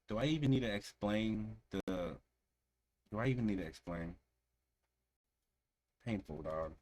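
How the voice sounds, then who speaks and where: A man's voice: on the low side, a little slow, long pauses, darkish tone. A man hosting a reaction video, giving earnest, reflective commentary and repeating phrases for emphasis.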